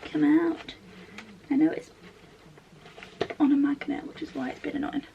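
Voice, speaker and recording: High, gravelly-edged young woman. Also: big pitch swings, moderate pace, lo-fi sound, a little hiss or hum. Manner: chatty and slangy, with soft half-whispered asides. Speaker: beauty vlogger. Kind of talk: casual makeup tutorial chat.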